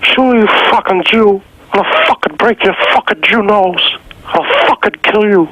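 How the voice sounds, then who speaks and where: A man voicing a high-pitched, whiny, petulant man who screams demands for food, heard over a noisy phone line. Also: moderate pace, natural voice. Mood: raging. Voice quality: shrill, whiny. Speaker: caller doing an impression.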